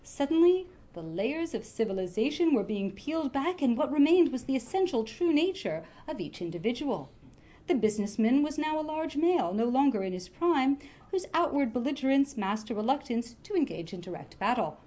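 A woman reading a comic novel aloud in a lively, expressive way. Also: high-pitched, normal speed. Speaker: reader.

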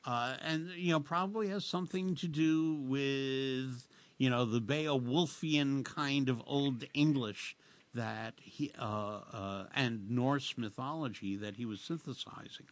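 A man hosting a radio show, chatting casually in a halting, rambling way with lots of fillers and restarts. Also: mid-range voice. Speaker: radio host. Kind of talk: casual radio interview chat.

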